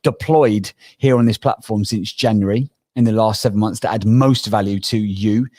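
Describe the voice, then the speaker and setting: A man's voice: lowish voice, moderate pace, warm tone. A man hosts a casual live audio room, rambling through announcements and jokes at his own expense. The sound is dry and close, with no room echo. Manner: jokey, rambling, self-deprecating. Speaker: host. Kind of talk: casual chat.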